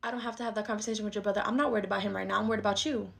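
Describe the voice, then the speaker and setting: A woman's voice: mid-range voice, fairly even intonation, very fast, gravelly, a bit bright. A woman playing a bossy middle-aged mother who dotes on her son and scolds her daughter in a comedy skit. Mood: lecturing. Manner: scolding, dismissive, indignant. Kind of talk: skit role-play.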